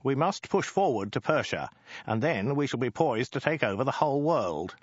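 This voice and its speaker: A man's voice: medium pitch, sing-song, normal speed, slightly rough, dry recording, muffled recording, voice pushed up. A man voicing an impatient male warlord general who speaks in an urgent, strained, insistent way, in a storybook reading. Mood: exasperated.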